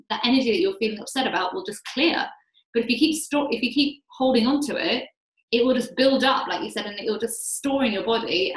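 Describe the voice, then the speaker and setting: British-born woman, roomy echo. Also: fairly high pitch. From Britain. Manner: earnest, reflective, with frequent "like" and "you know". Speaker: guest, life coach. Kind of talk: podcast interview conversation.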